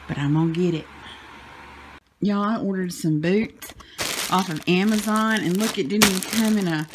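A woman's voice: mid-range voice, moderate pace, heavy background noise. A middle-aged woman, chatting and rambling to her viewers in a casual home vlog. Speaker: vlogger. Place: at home indoors.

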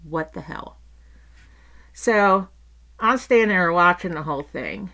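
A woman's voice: on the low side, a little slow. A middle-aged woman telling a story in a casual rant, swearing freely and acting out what people said. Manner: animated, swears casually, acts out quotes. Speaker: vlogger.

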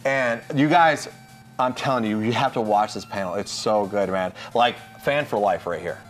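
Man, show host, excitable casual storyteller, faint music behind. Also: fairly low pitch, normal speed. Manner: excitable, acts out others' voices in his stories.

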